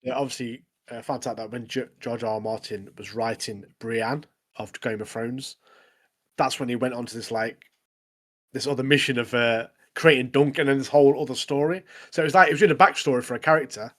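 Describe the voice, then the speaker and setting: A man co-hosting a podcast, talking in a relaxed way and trailing off with fillers. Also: mid-range voice, brisk. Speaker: podcast co-host. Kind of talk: casual chat.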